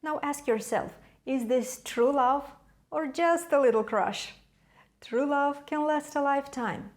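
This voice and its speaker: In a scripted video lesson, a woman with a high-sitting voice teaches piano. She speaks in a measured, emphatic way, leaving dramatic pauses.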